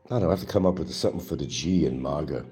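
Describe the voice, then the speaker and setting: A man's voice: a bass voice, animated, rapid-fire, mellow, faint music behind. A man hosting his own show, delivering an angry, profane and mocking monologue. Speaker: livestream host. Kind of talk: ranting political monologue.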